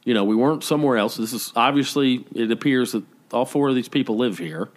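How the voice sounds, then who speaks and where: A man co-hosting a casual podcast chat, telling a story with lively, animated delivery and acting out what people said. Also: quick pace. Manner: animated storytelling, acting out quoted lines with big pitch jumps. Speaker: podcast co-host. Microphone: podcast microphone.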